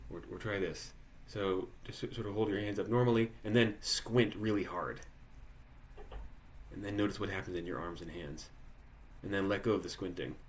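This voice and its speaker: A man with a very low voice leads a live workshop, thinking aloud with restarts and checking in with the group. A faint hiss sits under the recording. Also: fairly even intonation, moderate pace. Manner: conversational, many restarts and "like", asks participants questions. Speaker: workshop leader. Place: online live workshop, video call.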